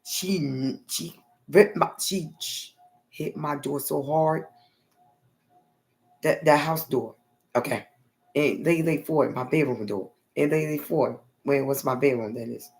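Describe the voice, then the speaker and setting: A woman's voice: low-pitched, takes it slowly, darkish tone. A woman vlogger telling a long personal story in a rambling, blunt way, often adding okay and honey.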